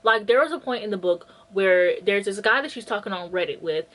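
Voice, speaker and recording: A woman's voice: mid-range voice, animated, fairly quick, a bit bright, rough recording. A woman chatting casually about books she read, retelling plots bluntly with lots of filler words and mock quotes of the characters. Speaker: book vlogger. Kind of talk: casual chat, book review.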